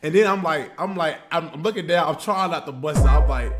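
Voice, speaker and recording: A man casually telling a funny story on his livestream in an animated, slangy way with lots of asides. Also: a little high, a little fast, faint music behind.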